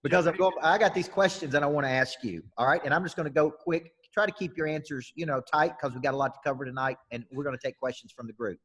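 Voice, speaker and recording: This sales panel host and coach talks fast with hardly any pauses, his voice fairly high and a bit bright. Loose and talkative, he runs the questions, his husky voice trailing long reverb.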